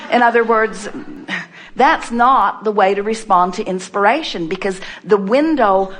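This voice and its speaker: A woman giving an inspirational seminar talk, emphatic and playful, repeating her questions to the audience. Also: on the high side. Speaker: inspirational speaker.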